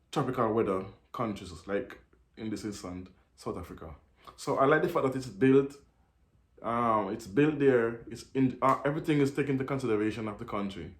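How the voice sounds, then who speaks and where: Fast-talking man in a roomy echo. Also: medium pitch. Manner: fast, restarts often. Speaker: video host. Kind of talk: casual commentary on a video. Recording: echoey room.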